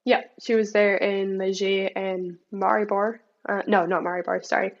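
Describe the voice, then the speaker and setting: A young woman, a bike racer, chatting in a relaxed interview with lots of likes and ums over dull remote call audio. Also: mid-range voice, moderate pace, vocal fry. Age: young adult. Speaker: mountain bike racer, guest. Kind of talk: casual interview chat.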